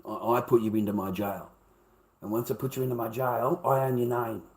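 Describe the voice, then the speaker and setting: A man's voice: mid-range voice, fairly even intonation, a little fast, a little mellow. Blunt, swearing Australian man streaming. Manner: blunt, swears constantly, repeats himself. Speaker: livestreamer. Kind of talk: profane livestream rant to chat.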